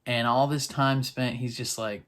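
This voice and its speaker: Rambling, excitable male reaction vlogger. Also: mid-range voice, unhurried. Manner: rambling, loose and excitable, full of "like" and "freaking". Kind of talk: casual episode recap and reaction.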